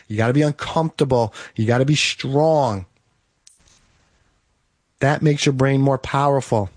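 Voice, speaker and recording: A man's voice: mid-range voice, darkish tone, dry recording, studio quality. A man speaking straight to the listener in a motivational monologue, emphatic and repetitive, with short punchy commands.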